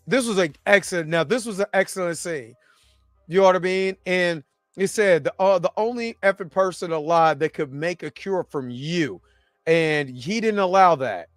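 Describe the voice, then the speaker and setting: A man with a high, lively voice talks through a TV episode in a loose, rambling review. He acts out the characters' lines as he goes. The sound is dry and close, with faint music underneath. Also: no echo. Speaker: TV review host. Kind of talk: casual video review with reenacted quotes.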